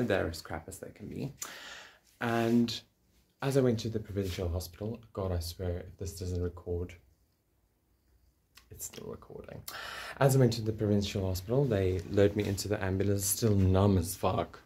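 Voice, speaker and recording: A man's voice: fairly low pitch, normal speed. A man with a South African English accent tells a personal story to the camera in a casual vlog, joking and swearing as he goes. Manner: swearing, joking, animated retelling. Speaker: vlogger.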